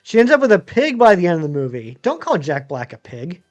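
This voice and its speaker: A man's voice: high-pitched, sing-song, brisk, highs cut off, faint music behind. A man in his thirties chatting casually on a live stream, rambling and answering viewers. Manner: rambling, chatty, many ums and uhs. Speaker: game streamer.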